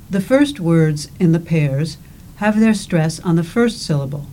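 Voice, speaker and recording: Woman narrator for a language course: slow, careful, slightly low, warm delivery. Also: lively intonation, slight background noise, rough recording. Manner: slow, deliberate, careful enunciation. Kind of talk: scripted instructional narration.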